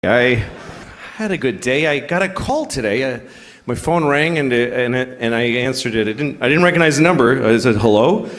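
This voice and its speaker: A man's voice: mid-range voice, animated, moderate pace, fairly bright tone. A man in his forties doing a stand-up set on a large theater stage, telling stories in a sardonic way that rises to incredulous outbursts. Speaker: stand-up comedian. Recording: live stage recording, roomy and noisy.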